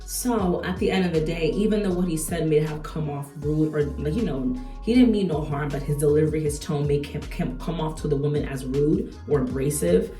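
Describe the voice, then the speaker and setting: A woman's voice: deep voice, fairly quick, reverberant, far from the mic, soft background music. A young adult woman talking casually while she does her makeup, chatty and slangy with lots of rhetorical asides. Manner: slangy and animated. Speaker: beauty vlogger.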